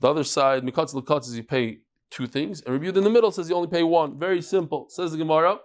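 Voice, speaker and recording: A man leads a daily Talmud class. His voice sits a little high, and he moves quickly between explaining a case and telling a folksy joke, sprinkling in Yiddish words. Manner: lively storytelling with jokes and Yiddish words. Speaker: Talmud teacher.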